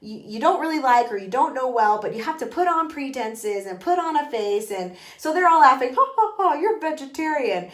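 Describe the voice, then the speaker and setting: A woman's voice: high-pitched, lively intonation, fairly quick, hardly any pauses, reverberant. A woman hosting a casual book podcast from her bathtub, rambling and emphatic, with frequent swearing. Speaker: podcast host. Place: bathroom, in a bathtub.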